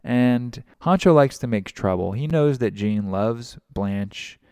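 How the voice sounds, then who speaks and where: A man's voice: medium pitch, expressive, takes it slowly, darkish tone, clean tone, no room sound, studio quality. A man casually narrating a comic story, chatty and explaining as he goes.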